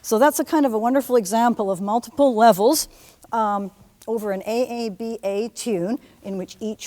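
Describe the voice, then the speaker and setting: A woman teaching a music theory lecture to a class in a lively way, often humming or singing examples. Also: fairly high pitch, normal speed, long reverb tail. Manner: lively, hums and sings examples. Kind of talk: university lecture.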